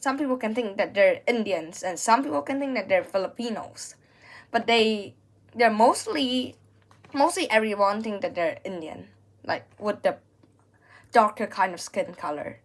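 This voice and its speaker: A woman's voice: medium pitch, a bit bright. Young woman rambling in a vlog. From Vietnam. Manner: rambling, searching for words, restarting sentences. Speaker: vlogger. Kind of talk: casual comedic vlog monologue.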